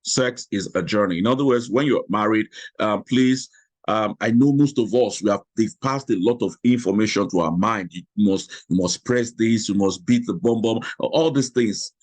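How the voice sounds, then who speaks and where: A man's voice: lowish voice, normal speed, a little mellow, dry recording. A middle-aged man with a Nigerian accent teaching a class on marriage, chatty and frank, often repeating himself. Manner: chatty, repetitive, frank storytelling. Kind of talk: class lecture with stories.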